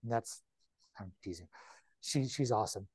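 A man, a real estate broker, giving an informal training talk to agents in a chatty, animated way, with quick repeats and asides. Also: lowish voice, slightly rough, no echo.

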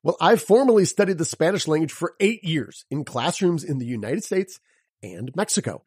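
A man hosts a solo podcast lesson with a fairly high voice that swings widely in pitch. His tone is slightly husky and the recording sounds dry and close. He talks like a teacher, spelling words out letter by letter and tossing rhetorical questions at his listeners. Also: moderate pace, no echo. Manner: lively, teacherly. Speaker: podcast host and sales coach.

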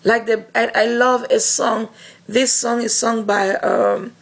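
A woman evangelist giving an earnest, encouraging devotional video message, speaking with a husky, gravelly voice, slowly and with frequent fillers and repeated words. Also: a little high, fairly even intonation.

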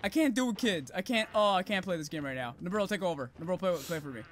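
A man hosting gameplay commentary in a casual, profane way, bursting into loud shouts. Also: high-pitched, animated, fast talker. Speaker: gaming video host. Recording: loud background noise.

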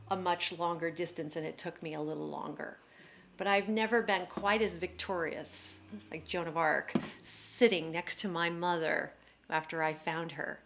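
A middle-aged woman speaking to an audience about her own life, candid and emotional, her words tumbling out quickly. Her voice sits a little low for a woman. She tells the story as it comes to her, unscripted and heartfelt. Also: fairly bright tone. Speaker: author speaking at a public forum. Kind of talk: personal storytelling talk.

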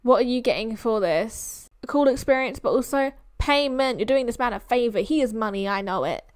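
A woman's voice: on the high side, a little fast, a little mellow, no room sound, clean studio sound. A young British woman giving playful, teasing commentary while reacting to a film. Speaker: movie reaction host.

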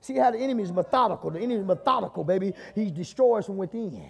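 A man's voice: high-pitched, lively intonation, racing, gravelly, husky, in a large hall. A man with a Southern US accent preaching a sermon as pastor in a church, repeating "my God" and calling on the congregation. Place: church sanctuary.

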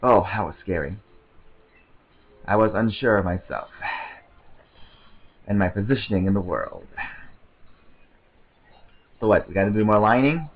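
A man giving casual, excitable gameplay commentary, rambling to himself and often stammering over restarts. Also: fairly low pitch, a little slow, long pauses, muffled recording. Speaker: let's play commentator.

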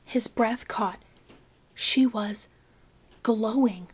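A woman reading a novel aloud as audiobook narration, in a slow, hushed storytelling manner. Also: a little high, breathy edge. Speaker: audiobook reader.

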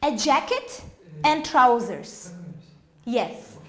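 A woman teaching English in a classroom, with a high voice that rises and falls widely. She talks slowly and patiently, repeating words and questioning the students. The room is echoey, with faint noise behind her. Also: expressive. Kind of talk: classroom language lesson.

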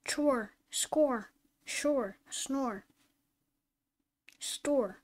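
Woman reading phonics words really slow, high voice, one word at a time like a reading lesson. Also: a little mellow. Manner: reads each word slowly and distinctly, self-corrects. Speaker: phonics teacher.

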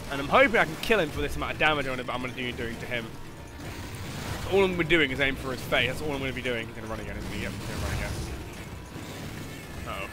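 A man giving casual gameplay commentary, excitable, often laughing and shouting at near misses. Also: mid-range voice, racing, long pauses. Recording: game music playing loudly underneath.

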